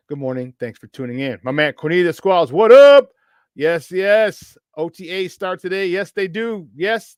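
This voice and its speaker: A man hosting a morning sports talk show, hyped and shouting out listeners by name. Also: on the high side, clean tone, no echo, studio quality. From Chicago area. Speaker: sports radio host.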